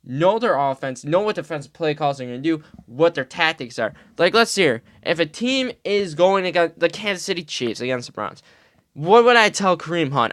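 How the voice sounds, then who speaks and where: A man's voice: fairly high pitch, sing-song, moderate pace, a bit bright, no echo, studio quality. A man hosting a podcast, ranting casually and heatedly about football, profane and rambling. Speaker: podcast host.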